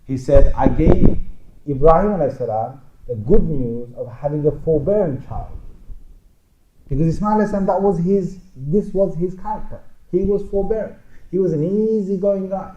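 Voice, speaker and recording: A man's voice: fairly high pitch, normal speed, mellow. A man giving an interactive Islamic lecture, talking conversationally and quizzing his listeners with show-of-hands questions. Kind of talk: interactive religious lecture to a live audience. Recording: dull lo-fi lecture recording.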